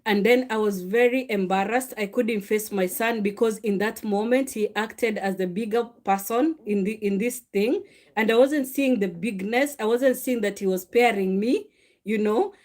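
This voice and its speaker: Animated woman testifying. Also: medium pitch, moderate pace. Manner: animated, confessional, acts out quoted dialogue. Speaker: mother sharing a faith testimony. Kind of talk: personal faith talk, storytelling.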